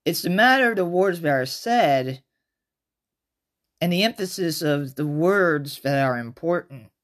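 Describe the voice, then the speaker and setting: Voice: medium pitch, expressive, measured pace, a bit bright. A podcast host giving a casual movie review in a chatty, rambling way, often restarting sentences. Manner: rambling, self-interrupting, chatty.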